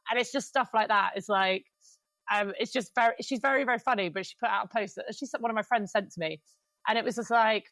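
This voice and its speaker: Woman, thirties, podcast host, candid and sweary, talks in rapid runs, dry close recording. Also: medium pitch, a bit bright, no echo. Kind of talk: casual podcast chat.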